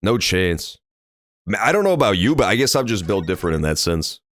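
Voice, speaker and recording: A man's voice: sits low, very animated, brisk, a bit bright, no echo. A young man casually commenting while playing a story game, joking crudely and swearing freely, at a desk microphone at home. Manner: crude, profane, jokey.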